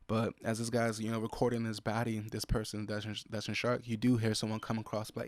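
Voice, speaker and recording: A man's voice: medium pitch, fast, creaky, fairly bright tone, dry recording. A young man, hosting a solo podcast and venting in an irritated, profane way about what upsets him. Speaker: podcast host. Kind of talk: solo casual podcast monologue. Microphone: close podcast mic.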